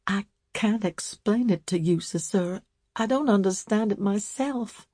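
A woman's voice: a little high, normal speed, mellow, breathy edge, dry recording, studio quality, pitched above the performer's own voice. A woman voicing a delicate, fragile older spinster who talks through sobs and pleads for help in a storybook reading. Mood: pleading. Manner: tearful and pleading. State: sobbing.

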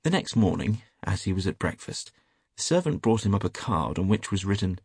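A man narrating a classic story in a measured audiobook reading. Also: deep voice, vocal fry, darkish tone, slightly rough, no echo, studio quality.

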